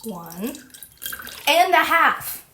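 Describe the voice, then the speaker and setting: A woman's voice: high voice, very animated, extremely slow, pushed and bright, slight background noise. A young woman vlogging a casual how-to at home, chatty, playful and gushing as she talks.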